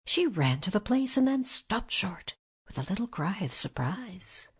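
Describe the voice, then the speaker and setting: Husky woman reading a storybook. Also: mid-range voice, very animated, a little slow. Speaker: narrator. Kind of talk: scripted storybook narration.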